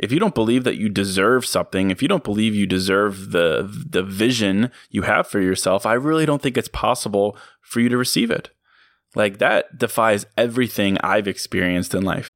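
Earnest, low-voiced man hosting a podcast. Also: moderate pace, dry recording, clean studio sound. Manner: earnest and reflective, chuckles at himself. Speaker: podcast host. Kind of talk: motivational monologue.

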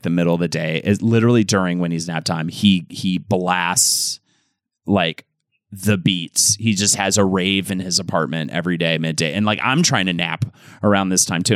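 A man's voice: sits low, smooth, dry recording, clean studio sound. A man co-hosting a podcast, chatting casually and animatedly as he watches a movie, exclaiming and griping. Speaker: podcast co-host.

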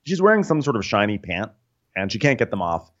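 Low-pitched guy doing a goofy reality tv recap, voice jumps all over, kinda muffled audio. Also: brisk. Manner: animated storytelling, slips into silly impressions. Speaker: podcast co-host. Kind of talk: comedic reality-TV recap chat.

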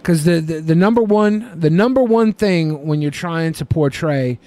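A man's voice: on the high side, measured pace, mellow. A man co-hosting a podcast in casual banter, crude and jokey, often laughing. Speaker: podcast co-host.

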